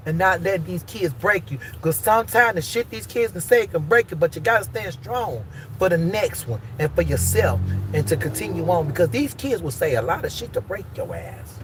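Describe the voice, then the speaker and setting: There's slight background noise as a woman with a fairly low voice runs a casual live stream. She speaks with emphasis and lots of swearing, alternating between heated rants and tender words of support.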